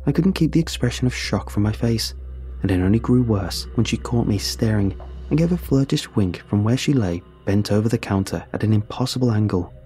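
A man narrating a first-person horror story in a steady, measured way. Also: lowish voice, soft background music.

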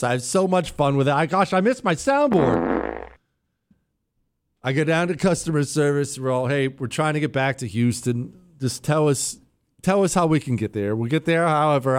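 A man telling a travel story on air, animated and sarcastic, swinging between loud and quiet. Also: fairly high pitch, moderate pace, clear, resonant tone. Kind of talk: storytelling monologue.

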